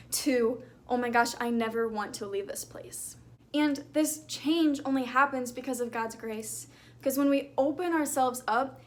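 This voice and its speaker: A young woman vlogger talking earnestly about her faith in a chatty, casual way, with lots of fillers. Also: high-pitched. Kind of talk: casual talk to camera.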